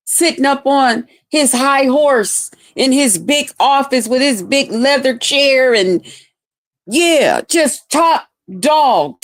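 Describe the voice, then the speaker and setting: The audio is clean studio sound with no room reverb, carrying a woman's high voice. Hosting a livestream, she preaches her personal testimony with slow emphasis, addressing viewers directly as "y'all."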